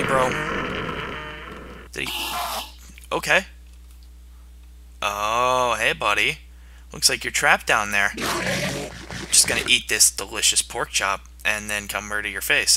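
A man's voice: medium pitch, very noisy. A young man giving playful gameplay commentary and taunting the monsters on screen. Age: young adult. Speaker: gaming video host.

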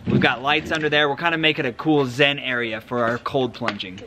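A man's voice: mid-range voice, fairly even intonation, a little fast, noisy background. A man in his thirties, a researcher and family vlogger, chatting easily at home and in the backyard and explaining things with jokes. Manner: easygoing and joking, explains things plainly. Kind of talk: casual chat with explanations.

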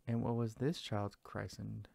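A good-natured, trusting female mouse from a fairy tale, asking earnest, puzzled questions, read by a man. The voice is low and gravelly and stays fairly flat. The recording is close and dry. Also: unhurried, no room sound, heavily acted.

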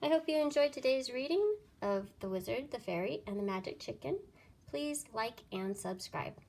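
A woman reading a children's picture book aloud, with an expressive sing-song delivery. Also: a little high, normal speed, gravelly. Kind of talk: storybook read-aloud.

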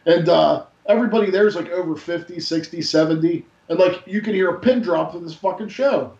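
A man telling stories in casual radio chat as a co-host, profane and excitable. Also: sits high, a little fast. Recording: roomy, dull lo-fi sound.

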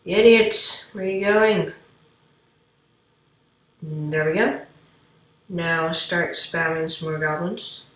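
Slow, rambling woman narrating gameplay, echoey room. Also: fairly low pitch. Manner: rambling, chatty, talks to viewers while playing. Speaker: gameplay commentator. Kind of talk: casual gameplay commentary.

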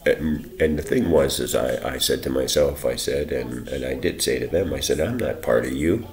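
A man's voice: a bass voice, normal speed, darkish tone. A man telling a rambling, profane personal account and quoting others in bursts. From Canada. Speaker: vlogger.

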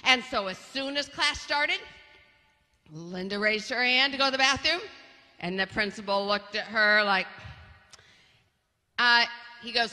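A woman telling a story to children in a large church hall, lively and laughing as she acts out the voices. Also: fairly high pitch, unhurried, pauses often. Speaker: children's speaker. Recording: long reverb of a large hall.

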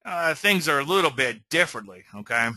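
A man's voice: fairly high pitch, animated, brisk, pushed and bright, dry recording, rough recording. A man hosting an informal trading lecture, rambling through conversational asides and often checking in with "okay?". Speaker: trading educator and show host.

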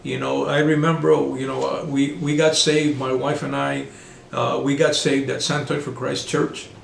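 Gravelly middle-aged guy preaching, lots of uhs and restarts, echoey room with faint hum. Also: mid-range voice, little pitch movement. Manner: halting, many fillers and restarts. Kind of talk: sermon.

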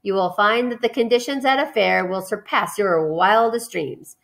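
A woman's voice: medium pitch, moderate pace, gravelly. A woman playing a persuasive old sheep. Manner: lively, relishing long lists.

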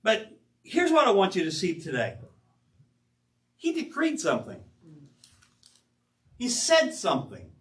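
Animated high-voiced older male preacher. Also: unhurried, long pauses. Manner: animated, emphatic preaching with quoted asides. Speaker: pastor. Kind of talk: sermon. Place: church sanctuary. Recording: roomy church sound from a distance.

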